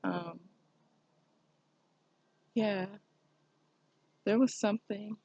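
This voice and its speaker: Woman rambling candidly in her vlog, flat even tone, kinda gravelly. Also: mid-range voice, drawn-out words, no echo, low-quality recording. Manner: reflective, meandering, confessional. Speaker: vlogger.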